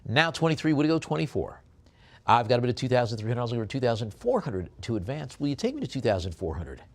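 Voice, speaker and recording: Brisk chanting male auctioneer. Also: very animated. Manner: brisk rhythmic chanting of bid increments; drops low and soft on a coaxing "please". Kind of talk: live auction bid calling.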